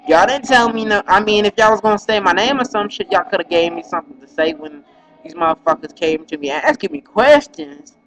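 A man's voice: sits high, lively intonation, fairly quick, a bit bright, faint music behind, low-quality recording. A man telling a rambling, profane, agitated story in a casual vlog monologue.

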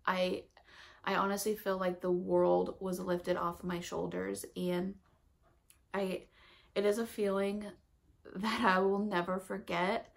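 The young pregnant vlogger speaks slowly in a mid-range, level, creaky voice. Her storytelling is chatty and emotional, full of fillers and laughter.

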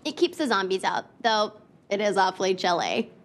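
A woman playing a nasal, fry-heavy valley girl. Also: mid-range voice, expressive, moderate pace, lightly acted. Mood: chirpy. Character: vain, clueless blonde young woman. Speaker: film character.

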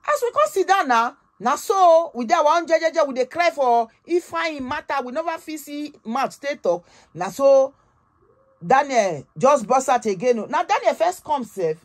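A woman with a Nigerian accent hosting a gossip channel, retelling a story in a dramatic, animated way with frequent exclamations. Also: high-pitched, moderate pace. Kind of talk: casual storytelling gist in Pidgin.

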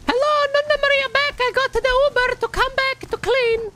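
A man's voice: very high-pitched, fairly even intonation, normal speed, bright, forceful tone, voice pushed up. A young man putting on an Italian accent to play a pushy little Italian grandmother in her seventies who comes to clean, speaking broken English in game voice chat. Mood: indignant.

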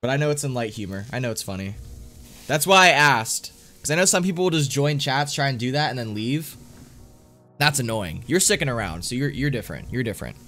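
Excitable young-sounding male streamer. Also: mid-range voice, a little fast. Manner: excitable, slangy, says dude a lot. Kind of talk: casual live-stream chat while opening card packs.

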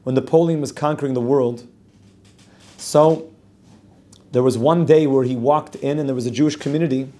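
Animated man telling a story in a lesson. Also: medium pitch, normal speed, pauses often. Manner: animated storyteller, repeats phrases for emphasis. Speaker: rabbi teaching a Torah class. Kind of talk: spoken Torah lesson with storytelling. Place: outdoors at a lookout over a city.

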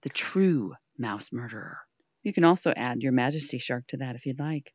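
A woman's voice: very deep voice, expressive, normal speed, darkish tone, dry recording, muffled recording. A woman hosting a casual VR chat show, teasing her guests with theatrical mock outrage and cooing baby talk. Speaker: show host. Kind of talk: playful improvised VR chat banter.

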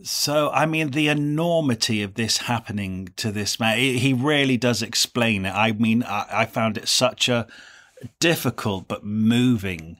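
A man's voice: medium pitch, a little slow, fairly bright tone. Earnest man co-hosting a book podcast. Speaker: podcast co-host. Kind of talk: casual book-discussion chat.

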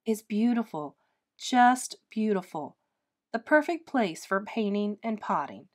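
A woman reading a storybook aloud and voicing an enthusiastic, dreamy mother who coaxes her children in a bright voice. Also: mid-range voice, expressive, a little slow. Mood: cheerful coaxing. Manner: bright and coaxing.

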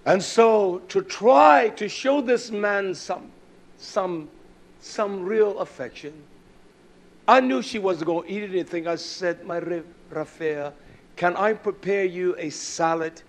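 Middle-aged man, preacher, somewhat high voice, sermon, shouts then drops to a mutter. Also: slow pace. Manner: swings from shouted preaching to low muttered storytelling.

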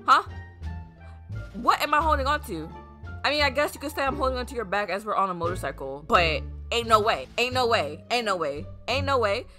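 Excitable lively woman reacting dramatically. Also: fairly high pitch, quick pace, hardly any pauses. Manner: dramatic, exclamatory, teasing. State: crying. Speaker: vlogger reacting to a music video. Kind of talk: casual reaction chat. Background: music playing.

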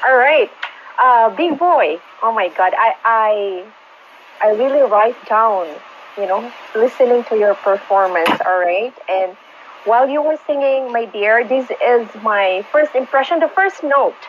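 Over a video call, a woman judges an online singing contest, offering casual feedback that is effusive and rambling, with frequent fillers. Her voice is fairly high and unhurried. The call audio is slightly muffled, with slight background noise.

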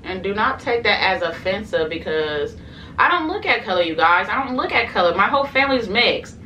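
A woman's voice: mid-range voice, sing-song, fairly quick, bright, forceful tone. A young woman chatting to camera on her eating show, rambling casually with lots of fillers, talking to her viewers. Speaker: mukbang and reaction channel host. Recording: slightly distant mic with faint room noise.

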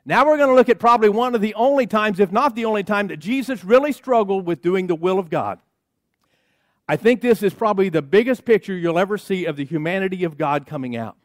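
A high-voiced pastor preaches with emphatic, rhythmic repetition and frequent call-outs to the congregation. His voice is close and dry, with almost no room sound around it. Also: fast talker, no echo. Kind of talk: sermon. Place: church sanctuary.

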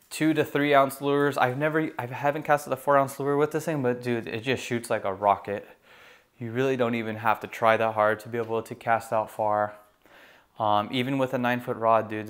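A young man talks casually about fishing gear, relaxed and rambling, full of "um" and "you know." His voice sits at an ordinary middle pitch, and he perks up when something excites him. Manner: relaxed, rambling, many fillers. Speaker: gear reviewer. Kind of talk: casual product review.

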